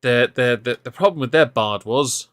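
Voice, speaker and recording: A man co-hosting a casual podcast chat, sarcastic and quick to laugh. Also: mid-range voice, fairly bright tone, clean tone, dry recording, studio quality. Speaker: podcast co-host.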